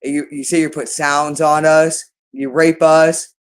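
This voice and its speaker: A man's voice: fairly high pitch, little pitch movement, measured pace, clear, resonant tone. A man in a rambling, agitated monologue to his viewers, accusing someone and repeating the same phrases again and again.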